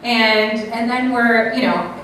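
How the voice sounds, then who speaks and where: A woman giving a live talk to an audience, animated, acting out little quoted voices and often checking in with the crowd. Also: a little high, slow. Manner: animated, acts out quoted voices, keeps asking "right?". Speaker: speaker at an event. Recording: very echoey room, mic far off, faint noise.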